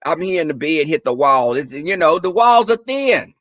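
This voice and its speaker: A young adult man chatting casually and profanely to viewers in a livestream, telling animated stories. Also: a little high, normal speed, no room sound, lo-fi sound. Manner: profane, animated storytelling, talks to viewers as y'all. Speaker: livestream host.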